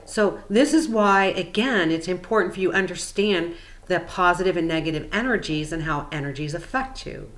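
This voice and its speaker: A woman's voice: fairly low pitch, expressive, moderate pace, fairly bright tone. A woman spiritual coach explaining things in a casual, meandering, chatty way with frequent fillers.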